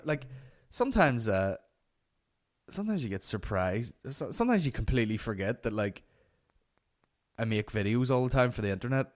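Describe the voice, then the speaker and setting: A man hosting a comedy podcast, telling profane, rambling anecdotes. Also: fairly low pitch. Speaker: podcast host. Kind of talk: comic storytelling.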